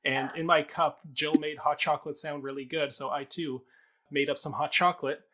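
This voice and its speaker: A man with a bright, forceful voice chats casually. He is playful and self-deprecating, a regular co-producer of a talk show. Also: fairly high pitch, steady tone, moderate pace. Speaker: co-producer and panelist. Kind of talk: casual chat.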